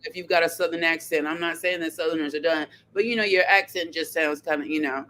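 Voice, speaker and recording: A woman hosting a casual podcast chat, animated and sassy, laughing often as she talks. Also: sits low, fast talker. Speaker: podcast host.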